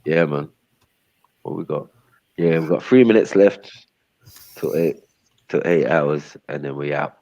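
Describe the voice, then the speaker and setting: Man, very low voice, dry close sound, casual streetwise chat. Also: a little slow, long pauses, darkish tone, dry recording. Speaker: livestream host.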